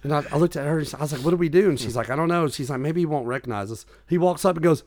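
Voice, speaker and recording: A man's voice: fairly high pitch, racing. A man, a comedian and author, telling funny stories in a casual chat and acting out the people in them. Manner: animated storyteller, acts out quoted voices.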